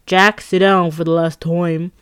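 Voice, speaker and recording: A woman voicing an old, fed-up schoolteacher with a thick Boston accent, scolding slowly in a dry studio read. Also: on the low side, little pitch movement, clean tone, dry recording, close to an everyday voice. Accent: Boston (put on). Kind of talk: audiobook memoir narration.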